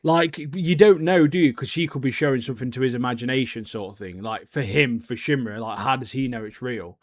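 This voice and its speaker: A man's voice: mid-range voice, fairly quick, dry recording. Laid-back man, dry close sound. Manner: laid-back, British slang, hesitant fillers. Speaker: podcast co-host. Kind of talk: casual anime review chat.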